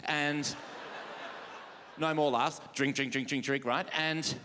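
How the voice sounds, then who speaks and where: A man's voice: on the high side, steady tone, slow, sharp tone, slight background noise. A young man performing a stand-up set, telling stories in a camp, flamboyant way and breaking into shrieking quoted voices. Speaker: stand-up comedian. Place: large comedy theatre stage. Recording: live stage recording in a large reverberant hall.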